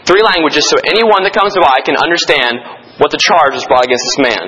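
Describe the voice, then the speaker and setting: Bright, husky-voiced male Bible teacher. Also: on the high side, lively intonation, fairly quick, highs cut off. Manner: directive, tells listeners to underline and circle verses; explains with rhetorical questions.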